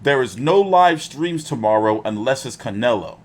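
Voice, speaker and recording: A young man with a medium-pitched voice hosts a boxing live stream at a normal speed. He tells stories in an animated way, using casual, profane slang.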